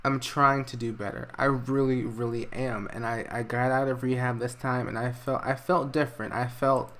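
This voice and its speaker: A man's voice: medium pitch, fairly even intonation, a bit bright, lightly acted. A man voicing a remorseful middle-aged father who stumbles and restarts as he pleads. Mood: pleading. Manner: hesitant, pleading, halting restarts. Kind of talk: voicing a character in a narrated game story.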